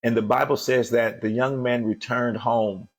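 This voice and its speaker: Hosting a daily show, a man delivers an emphatic motivational sermon, repeating phrases as he builds toward fervent calls to action. His pitch is medium, his tone steady, and his speed normal.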